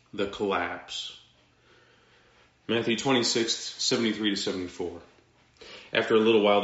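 A man preaching a sermon as pastor, in a slow, dramatic delivery with pauses and sudden drops to quiet. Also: on the low side. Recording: echoey room, dull lo-fi sound.

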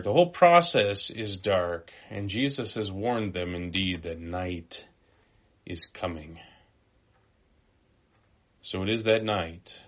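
A low-pitched man delivers a sermon in an animated way. He pushes some phrases out loud and drops others to a quiet, slow hush. The recording sounds dull and lo-fi. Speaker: preacher.

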